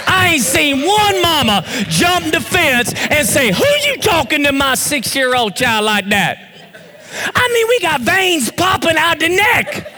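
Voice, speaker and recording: A man preaching a sermon as pastor, animated and often shouting, with bursts of fast talk. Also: extremely high pitch, some chatter behind. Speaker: pastor and youth football coach.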